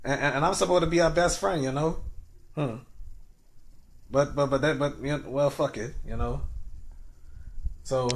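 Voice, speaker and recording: A man, upset and near tears, talking through a rambling livestream monologue, stammering and repeating words and closing phrases with a soft, trailing "you know?". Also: a little high, steady tone, moderate pace, pauses often.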